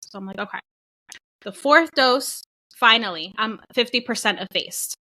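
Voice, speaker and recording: A young woman co-hosting a podcast casually tells the story of giving birth, animatedly acting out what people said. Her voice is fairly high and her pace moderate.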